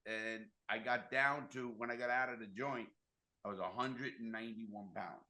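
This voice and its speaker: A man's voice: medium pitch, steady tone, moderate pace, bright, forceful tone. A man hosting a podcast, talking in a blunt, fired-up way and swearing freely. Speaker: podcast host. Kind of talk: casual chat.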